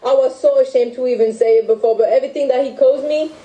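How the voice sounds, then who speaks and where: A young French woman with a French accent, recounting a personal story in halting speech full of restarts. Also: high voice, warm tone, reverberant, poor audio. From France. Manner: halting, with many restarts and fillers. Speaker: guest telling her story. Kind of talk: emotional personal account.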